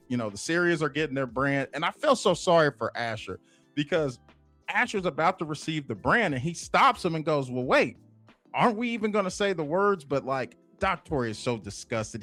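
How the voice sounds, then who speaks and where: A man's voice: medium pitch, a bit bright. A man casually recapping a TV episode, rambling with lots of fillers. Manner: rambling, frequent fillers like "you know" and "basically". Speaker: TV episode reviewer.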